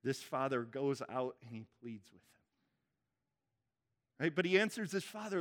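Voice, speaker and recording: A man's voice: medium pitch, lively intonation, normal speed, pauses often. A man preaching a sermon in a conversational way, often checking in with the congregation. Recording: church hall reverb.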